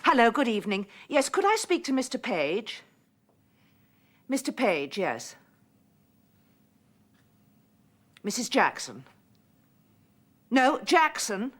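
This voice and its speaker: A woman's voice: a little high, very animated, unhurried, long pauses, fairly bright tone, exaggerated voice. A desperate, bitterly ironic woman. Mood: strained. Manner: clipped, formal and bitterly ironic. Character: desperate middle-aged woman abandoned by her lover. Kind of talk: 1990s television drama acting.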